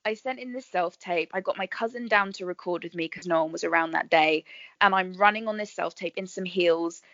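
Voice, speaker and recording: A woman, a guest actress chatting in a podcast interview, bubbly and quick to laugh as she tells her stories. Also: on the low side, a bit bright, dry recording, muffled recording. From England. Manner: chatty, bubbly storyteller who laughs often.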